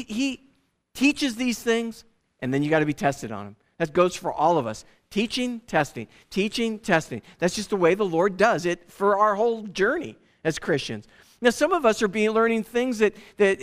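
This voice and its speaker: A man preaching a sermon as pastor, in an animated, conversational way with frequent restarts. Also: high-pitched.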